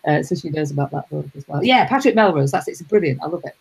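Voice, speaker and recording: A middle-aged woman, hosting a casual live chat. Her voice sits low and gravelly, with a husky edge. She rambles along and greets viewers as she goes. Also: lively intonation, fast talker, darkish tone, low-quality recording. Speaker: host.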